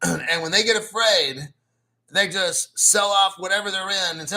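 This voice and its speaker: A man hosting a casual crypto livestream, blunt and profane, clearing his throat often and reading viewer chat aloud. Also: on the high side, animated, normal speed, pushed and bright. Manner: mocks newcomers with sarcastic put-on quotes; reads and answers viewer chat messages. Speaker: crypto channel host.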